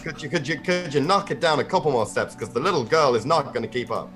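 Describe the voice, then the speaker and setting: A man's voice: medium pitch, fast, fairly bright tone, soft background music. A man with an English accent, chatting and joking as a player in a tabletop game, swearing freely and restarting his sentences. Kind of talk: casual tabletop game chat.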